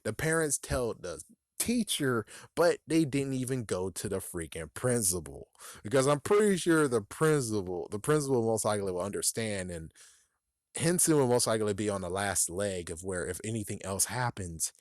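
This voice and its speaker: A man giving a casual, animated spoken book review, cursing often and acting out characters' lines in quick bursts. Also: on the low side, dry recording, studio quality.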